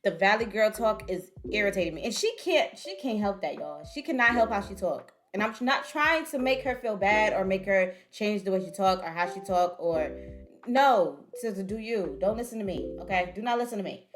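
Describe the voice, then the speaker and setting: A woman's voice: mid-range voice, expressive, moderate pace, soft background music. A woman hosting a reaction video, talking casually and directly to her viewers. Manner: chatty, talks straight to viewers.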